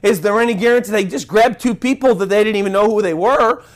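A man preaching a sermon as pastor, animated and conversational, acting out crowd voices and chants, with frequent restarts and asides to the congregation. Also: high voice, quick pace.

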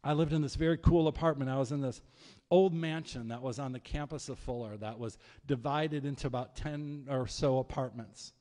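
A man preaching a sermon as pastor, telling stories in a lively, conversational way. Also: mid-range voice, moderate pace. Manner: storytelling, animated, conversational preaching. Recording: long hall reverb.

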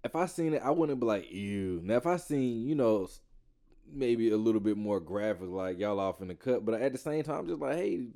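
A man in casual conversation, co-hosting a talk show, lively and swearing freely as he acts out quotes. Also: on the low side, a little fast. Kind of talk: casual chat.

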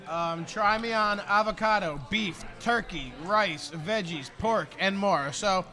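A man's voice: high-pitched, slow pace, bright, forceful tone. A man co-hosting a casual podcast, talking loosely with swearing while reading out a hot sauce label. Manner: loose, profane, reads labels aloud. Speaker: podcast co-host.

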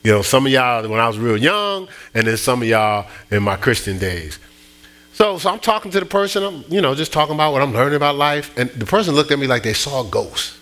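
A man delivers a sermon in a bright, forceful voice, telling a personal story. He stumbles over restarts and pushes up into emphatic bursts. A low mains hum sits under the recording. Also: expressive, brisk. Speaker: pastor.

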